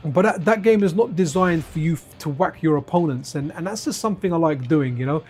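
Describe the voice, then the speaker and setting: Man, slightly high voice, casual live-stream chat, rambling, talks to viewers, faint music behind. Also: expressive, a little fast, darkish tone. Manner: chatty and digressive, talks to viewers by name. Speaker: retro gaming streamer.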